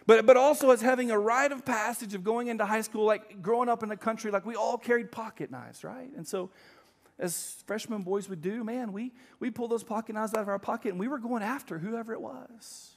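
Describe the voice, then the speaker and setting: A middle-aged male pastor preaching a sermon, telling a story with emphatic swings between loud and quiet. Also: high voice, a little fast, gravelly.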